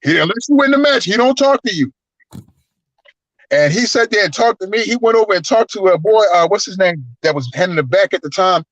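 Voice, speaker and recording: A man, a guest wrestler, telling stories in an animated, profane way and acting out the voices. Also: high voice, brisk, no echo. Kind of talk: casual storytelling. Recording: dull lo-fi, dry sound.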